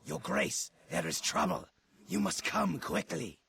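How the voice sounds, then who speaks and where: A man's voice: on the high side, big pitch swings, measured pace, gravelly, fairly bright tone, husky, heavily acted. An actor playing an urgent male servant in a studio game, pleading for help.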